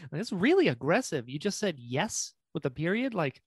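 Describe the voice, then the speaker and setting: A man's voice: fairly high pitch, sing-song, moderate pace, breathy edge, no room sound, clean studio sound. A man hosting a podcast, chatting playfully and acting out little quotes with laughs. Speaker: podcast host. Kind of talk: casual podcast chat.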